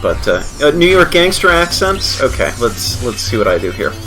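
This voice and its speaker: Animated playful male game streamer. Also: mid-range voice, normal speed, faint music behind. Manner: playful and self-deprecating. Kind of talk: game livestream commentary.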